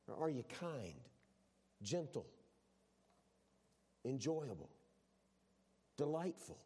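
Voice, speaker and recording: Conversational Texan pastor preaching a sermon. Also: male voice, on the low side, dark tone. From Texas. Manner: conversational preaching with repeated restarts.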